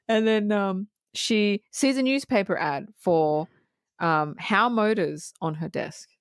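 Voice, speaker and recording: A woman co-hosting a casual movie review podcast. She walks through scenes with frequent laughs and acted quotes. Her voice is mid-pitched and sits dry and close to the mic. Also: takes it slowly, clear, resonant tone, dry recording. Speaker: podcast co-host.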